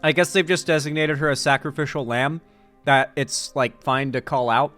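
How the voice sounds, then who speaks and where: A man's voice: fairly high pitch, moderate pace, fairly bright tone, soft background music. Chatty sarcastic young man streaming. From Florida. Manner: chatty, sarcastic asides, puts on mock Southern voices. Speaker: political commentary streamer. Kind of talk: casual reaction commentary.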